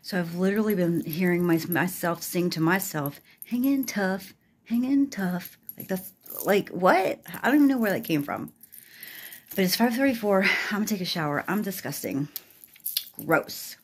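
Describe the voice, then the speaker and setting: A hoarse, worked-up woman venting casually to her vlog audience with exasperated, laughing asides. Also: fairly low pitch, animated, normal speed, no room sound. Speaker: vlogger. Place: in a car, then at home.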